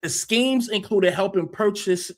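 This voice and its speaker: Combative high-voiced host, cursing freely. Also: male voice, measured pace. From United States. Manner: profane, combative, repeats himself. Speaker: livestream host. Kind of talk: heated livestream rant.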